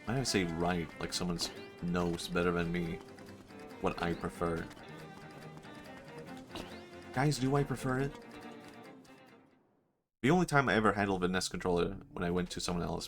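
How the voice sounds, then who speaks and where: A streamer chatting casually while gaming, musing aloud, laughing often and mocking himself. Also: male voice, low voice, gravelly, a bit bright. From Sweden. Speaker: livestreamer.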